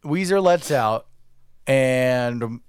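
A man's voice: medium pitch, lively intonation, drawn-out words, a little mellow, clean tone, no room sound, studio quality. A man co-hosting a podcast, telling a rambling story with lots of filler words and acted-out quotes. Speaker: podcast co-host. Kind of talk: casual storytelling.

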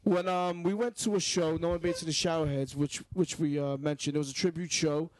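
A man's voice: fairly high pitch, fairly even intonation, brisk, dry recording. Rambling New York man, dry sound. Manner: rambling, profane storytelling. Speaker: podcast co-host. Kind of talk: casual chat.

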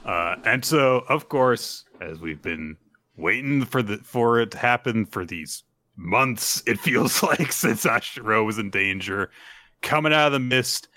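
A man's voice: on the low side, dry recording. A man casually recapping a manga chapter on a podcast, acting out the characters' lines as he goes. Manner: animated retelling, acts out character lines. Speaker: podcast co-host.

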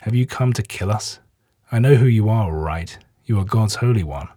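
A man voicing an evil spirit that yells defiantly through a possessed man. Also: fairly low pitch, expressive, normal speed, slightly rough, dry recording, clean studio sound. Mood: hostile yelling. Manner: yelling, defiant.

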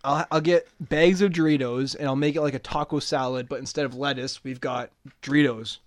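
A man's voice: mid-range voice, fairly even intonation, a little fast, no room sound. A man in casual chat, self-deprecating and laughing often as he recounts a hunt. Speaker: podcast guest, novice hunter.

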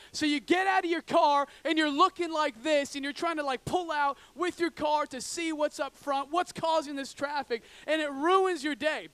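High-pitched guy preaching to a church, super animated, goes loud then quiet. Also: no room sound. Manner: animated preaching, acts out frustrated drivers, swings from loud to hushed. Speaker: pastor. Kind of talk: sermon.

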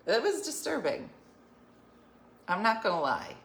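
A woman's voice: mid-range voice, wildly swooping pitch, measured pace, a bit bright, roomy sound. A woman hosting an online show, chatting casually with viewers and laughing as she tells stories. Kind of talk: casual live-stream chat.

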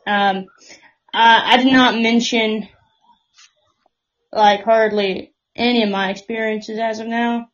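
A woman's voice: on the high side, fairly even intonation, slow pace, pauses often, dull audio. A woman co-hosting a casual podcast, mostly chiming in with brief reactions. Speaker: podcast co-host. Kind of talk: casual chat.

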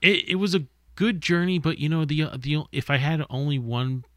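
A man's voice: on the high side, moderate pace, dry recording, clean studio sound. A man co-hosting a podcast, reviewing a movie casually with frequent stammered restarts.

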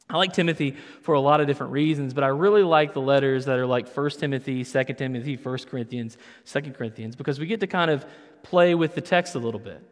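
Guy pastor giving a sermon, slightly high voice, chatty with little jokes, long church-hall echo. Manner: conversational preaching with playful asides. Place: church sanctuary.

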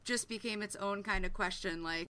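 Woman guest, bright voice, giggly and chatty, just talking casual. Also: mid-range voice, moderate pace, slight background noise. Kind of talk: casual chat.

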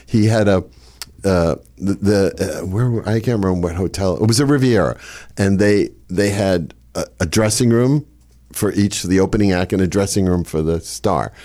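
A man's voice: deep voice, moderate pace, warm tone. An older man from the Boston area, a comedian guest telling wry stories and laughing at his own jokes. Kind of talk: storytelling interview.

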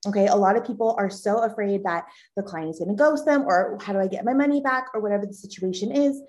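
A woman's voice: medium pitch, fast talker, darkish tone, lo-fi sound. A woman lawyer guesting on a podcast, emotional and grateful at first, then explaining business law plainly. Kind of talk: casual podcast interview.

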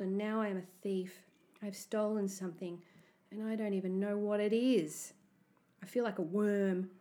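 Lady reading a kids story out loud, expressive, nervous first person voice. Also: mid-range voice. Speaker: narrator. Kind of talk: reading a children's story aloud.

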